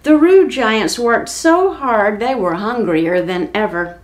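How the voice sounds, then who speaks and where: A woman reading a children's story aloud as a library storyteller. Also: mid-range voice. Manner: slow, expressive read-aloud.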